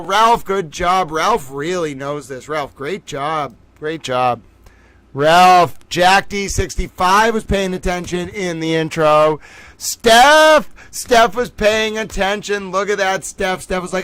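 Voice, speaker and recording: A man hosting a casual livestream trivia game, calling out viewers by name and praising them, swinging from loud excitement to quiet muttering. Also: sits high, slow pace, clear, resonant tone, no echo. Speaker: livestream host running trivia.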